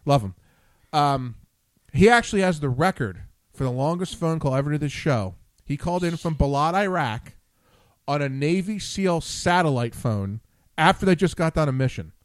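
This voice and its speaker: A man's voice: on the high side, lively intonation, moderate pace, no room sound. A man hosting a chat show, telling a long story with lots of swearing and acted-out quotes. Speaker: show host. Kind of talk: casual chat.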